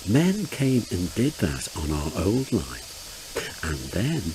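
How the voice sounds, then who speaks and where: A man's voice: lowish voice, wildly swooping pitch, slow, noisy background, full character voice. A man voicing a small, eager young male steam engine, talking anxiously or in a gleeful singsong. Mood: mournful.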